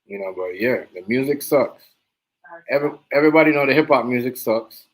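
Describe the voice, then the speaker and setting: A man's voice: medium pitch, animated, a little fast, low-quality recording. Man ranting in a livestream. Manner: mocking, insulting, repeats himself. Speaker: livestream host. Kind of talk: heated reaction rant.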